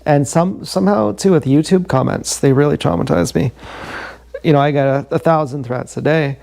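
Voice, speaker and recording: Male streamer with a fry-heavy voice, talking haltingly and emotionally into his own camera. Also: a little high, fairly even intonation, darkish tone. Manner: halting, repeats words, raw and emotional. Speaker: livestreamer. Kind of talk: confessional livestream monologue.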